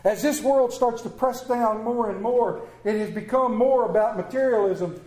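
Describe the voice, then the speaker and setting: A man preaching a sermon to a congregation, swinging between loud emphatic phrases and hushed low lines, repeating phrases to build his point. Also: moderate pace. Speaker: pastor. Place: church sanctuary with congregation. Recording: echoey church room.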